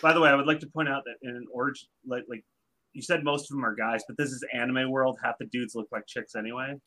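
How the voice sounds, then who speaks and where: A man's voice: medium pitch, fairly even intonation, quick pace, pushed and bright. A man playing in a tabletop game, cracking crude jokes. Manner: crude, jokey. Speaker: player. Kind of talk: joking tabletop banter.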